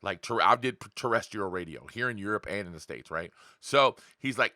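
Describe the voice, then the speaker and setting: A man hosts his own podcast in a blunt, casual, profane monologue, addressing viewers directly with rhetorical questions and acting out other people's voices in quotes. His lowish voice is brisk and sharp with few pauses, recorded at studio quality with no room sound.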